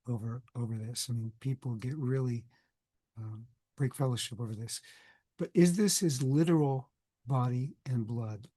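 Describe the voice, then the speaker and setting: A man's voice: mid-range voice, warm tone, no echo. A man with a cold giving a recorded lecture, conversational and digressive, often correcting himself mid-sentence. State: has a cold, coughing. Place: indoors, recording for video.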